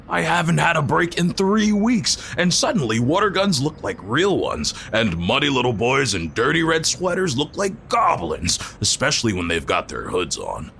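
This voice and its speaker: A man's voice: vocal fry, fairly bright tone, slight background noise. An actor playing a sleepy, hungry, bumbling male police officer in an audio drama. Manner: bumbling, swings between high and low pitch.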